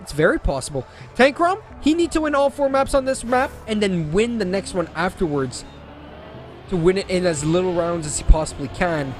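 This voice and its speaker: High-voiced excitable esports caster, man. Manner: excitable, jokey, quick self-corrections. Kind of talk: play-by-play commentary.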